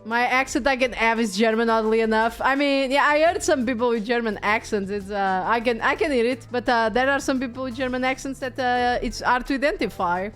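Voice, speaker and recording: Woman streamer from Portugal, high voice, loose casual talk with swearing, faint music behind. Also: brisk, hardly any pauses, fairly bright tone. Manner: casual, swears, thinks aloud while playing. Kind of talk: casual game-stream chat.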